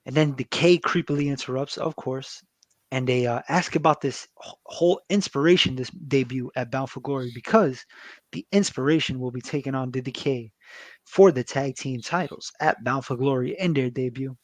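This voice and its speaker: A man talks through a wrestling episode in loose, profane podcast banter. His voice sits at an ordinary middle pitch and sounds dry and close to the mic, with no room around it. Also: moderate pace, dry recording. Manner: loose and profane, with frequent fillers and laughs. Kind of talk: casual chat recapping a wrestling show.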